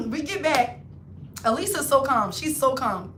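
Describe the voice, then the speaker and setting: A woman with a high voice tells a story on a casual livestream, animated and full of slang. She keeps slipping into her friends' voices as she talks. The room sounds roomy, with a faint hum behind her. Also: takes it slowly. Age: adult, not in her twenties. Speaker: hairstylist livestreamer.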